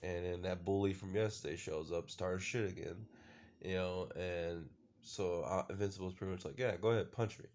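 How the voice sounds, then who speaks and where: A man's voice: low-pitched, fairly even intonation, moderate pace, darkish tone. A man casually recapping a show episode, rambling with lots of fillers and the odd swear word. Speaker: show reviewer.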